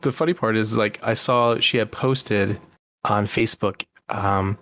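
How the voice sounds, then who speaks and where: A man co-hosting a podcast, telling a story in relaxed casual chat with small chuckles. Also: fairly low pitch, measured pace, no room sound.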